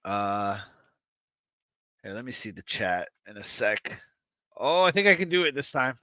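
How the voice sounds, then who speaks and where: A man hosting a livestream, chatting to his viewers in a rambling, excitable, self-mocking way and swearing freely. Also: mid-range voice, a little slow, pauses often, no room sound, highs cut off. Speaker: livestream host. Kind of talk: casual livestream chat to viewers.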